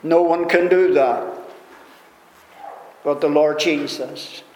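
A man delivers a sermon at a measured, unhurried pace, leaning into emphatic rises. His fairly high voice rings through a big, echoing hall. A faint room hum sits underneath. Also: steady tone, darkish tone. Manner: slow, deliberate preaching with rising emphatic swells. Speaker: preacher. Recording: echoey hall reverb, faint room noise.

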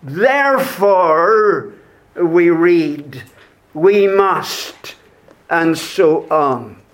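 A male preacher delivers his sermon at a very unhurried, measured pace, leaning on each word. His voice sits high for a man. He circles back to key phrases, repeating them for emphasis. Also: lively intonation.

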